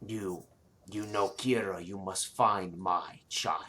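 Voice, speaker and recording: A man voicing an ancient female dragon god in a tabletop game, speaking slowly and ominously. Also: low-pitched, fairly even intonation, sharp tone, slight background noise, voice pushed down, exaggerated voice. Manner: slow, drawn-out, ominous delivery. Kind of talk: tabletop role-play narration.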